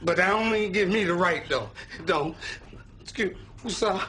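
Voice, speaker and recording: A man doing a high, frantic inner voice. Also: normal speed, bright, forceful tone, a little hiss or hum. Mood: pleading. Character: man pleading with himself to calm down.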